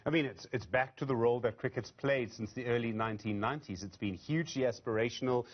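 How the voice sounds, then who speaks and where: A man's voice: mid-range voice, quick pace, muffled recording. Reflective male news anchor. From South Africa. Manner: reflective, hedging with "I mean". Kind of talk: studio news interview.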